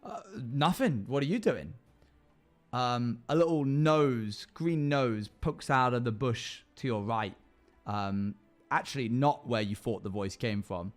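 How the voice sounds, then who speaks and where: A man's voice: medium pitch, measured pace, faint music behind. Casual man narrating a streamed adventure. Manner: casual, rambling narration with many fillers. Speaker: streamer running an interactive adventure. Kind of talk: live narration of a choose-your-path game.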